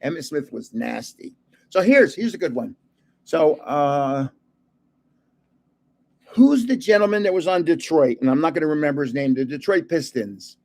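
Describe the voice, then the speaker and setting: An older man chats about his past in a loose, rambling way, chuckling between stories. His voice sits a little high for a man. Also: very animated, normal speed, long pauses, darkish tone. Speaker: card channel host. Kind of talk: casual storytelling chat.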